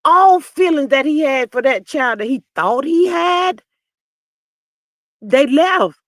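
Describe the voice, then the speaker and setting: A reality TV commentary host runs a live stream, reading out viewer comments and firing back with sassy, animated energy that swings between quiet mutters and loud outbursts. She takes her time, and the studio-quality recording has no room sound.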